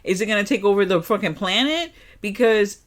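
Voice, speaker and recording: Podcast cohost rambling about a horror movie, swears a ton, laughs a lot, middle pitch. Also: fairly quick, fairly bright tone. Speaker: podcast co-host. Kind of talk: casual movie discussion.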